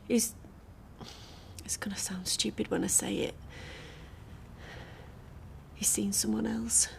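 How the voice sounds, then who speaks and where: An actress playing a wry, guarded young barmaid with a dry, sardonic manner. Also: female voice, a little high, moderate pace, darkish tone, slight background noise, lightly acted. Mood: upset.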